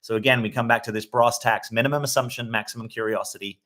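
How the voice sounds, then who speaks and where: A man's voice: mid-range voice, fairly even intonation, quick pace, bright, forceful tone. A man speaking as a dating coach on a live stream, answering viewer comments. His voice sits in an ordinary mid range, and his delivery is easy and reflective, with frequent "right?" asides to the people watching. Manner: reflective, conversational, often checks in with "right?".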